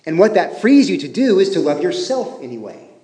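Guy preaching in church, chatty, goes loud then real quiet, kinda high voice, big echoey hall. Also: sing-song, a little fast. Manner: conversational, swinging from emphatic to hushed. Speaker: pastor. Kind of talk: sermon. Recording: echoey hall with long reverb.

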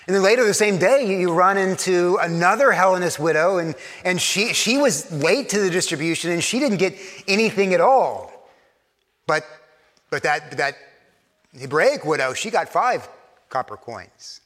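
A man's voice: high voice, animated, moderate pace, fairly bright tone. Conversational male pastor in echoing church. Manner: conversational, with frequent repeated words and acted-out quotes. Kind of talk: sermon. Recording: long church reverb.

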